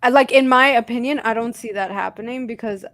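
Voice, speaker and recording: A woman's voice: fairly high pitch, brisk, a bit bright, no room sound. Frustrated woman football co-host. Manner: frustrated, direct. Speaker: podcast co-host. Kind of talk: casual podcast chat.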